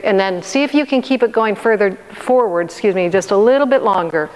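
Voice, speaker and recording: A woman's voice: mid-range voice, brisk, few pauses. A woman teaching a dance lesson, counting beats aloud and coaching patiently step by step. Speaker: dance instructor. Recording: long reverb, faint noise.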